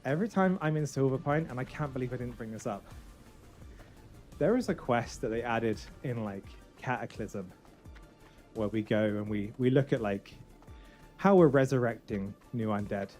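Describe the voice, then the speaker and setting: Male game streamer, mellow tone, excitable and joking, loud bursts then mutters, faint game music behind. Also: mid-range voice, normal speed. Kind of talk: casual live-stream chat.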